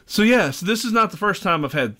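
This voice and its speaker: A man co-hosting a podcast, chatting casually in a somewhat higher voice. He is jokey and easygoing and laughs often. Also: lively intonation, brisk, sharp tone. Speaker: podcast co-host. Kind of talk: casual chat.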